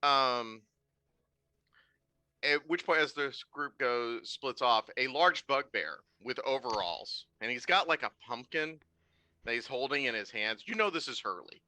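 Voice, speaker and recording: A man's voice: medium pitch, lively intonation, measured pace, sharp tone, dry recording. A man narrating a tabletop game as game master, rambling through his descriptions. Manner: rambling, with many fillers and restarts.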